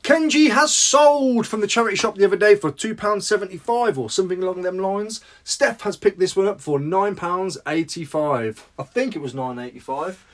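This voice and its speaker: A man's voice: high voice, moderate pace, few pauses. A man chatting casually in a vlog about his sales, rambling and making self-deprecating asides. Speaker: reseller vlogger.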